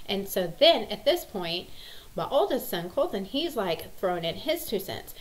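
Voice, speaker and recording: A woman's voice: medium pitch, very animated, normal speed, low-quality recording. A woman, a mom vlogging in a rambling, casual chat full of ums. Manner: chatty, rambling, lots of ums.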